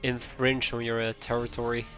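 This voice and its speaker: A man streaming a strategy game live, chatting casually to himself as he plays, with quick asides. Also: medium pitch, monotone, fairly bright tone. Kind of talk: casual live gameplay commentary. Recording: faint game music behind.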